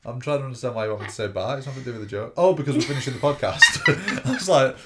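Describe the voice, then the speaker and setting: A man's voice: medium pitch, racing. A man with a Wigan accent and a cold, co-hosting a podcast in casual, jokey chat. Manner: jokey, teasing. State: has a cold. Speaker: podcast co-host.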